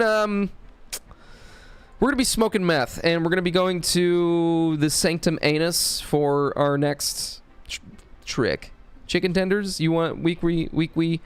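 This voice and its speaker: A man streaming a video game, chatting casually in a crude, jokey, rambling way. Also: on the high side. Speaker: gaming streamer. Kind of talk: casual livestream chat while gaming.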